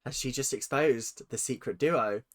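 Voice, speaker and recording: A man doing casual reaction commentary, excitable and quick to swear as he talks back at the screen. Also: medium pitch, faint music behind. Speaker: reaction channel host.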